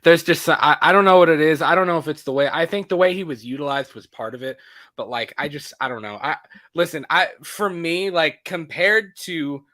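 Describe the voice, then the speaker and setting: A man's voice: fairly high pitch, a little fast, bright, forceful tone, dry recording. A man co-hosting a podcast in casual chat, laughing often and trailing off into restarts. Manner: laughs often, trails off and restarts, puts on a gravelly movie voice as a joke. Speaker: podcast co-host.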